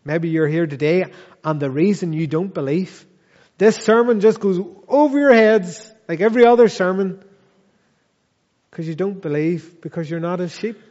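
A man preaching a sermon in a church, earnest and measured, pressing his listeners with repeated questions. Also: high-pitched, a little mellow, in a large hall, dull audio. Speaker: pastor.

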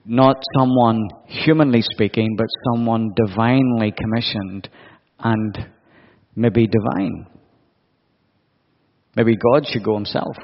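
Gravelly-voiced male preacher in a hall. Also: on the low side, steady tone, slow, long pauses. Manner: reflective, asks the listeners questions. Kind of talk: sermon. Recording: dull audio with long hall reverb.

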